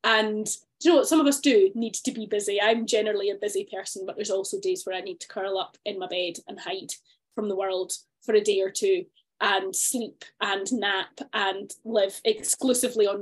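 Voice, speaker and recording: A woman's voice: mid-range voice, fairly even intonation, normal speed. A woman co-hosting a podcast, talking in a reflective, chatty way with plenty of fillers and restarts. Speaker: podcast co-host. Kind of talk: casual chat.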